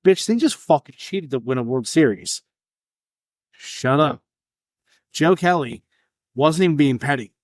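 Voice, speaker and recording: A man's voice: fairly high pitch, lively intonation, measured pace, pauses often, no echo. A man co-hosting a casual sports podcast, blunt and profane, with joking banter. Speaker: podcast co-host.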